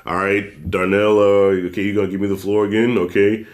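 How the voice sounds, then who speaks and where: A man co-hosting a casual horror movie review, blunt and profane, telling scenes with animated storytelling. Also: fairly low pitch, brisk. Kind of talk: casual spoiler discussion.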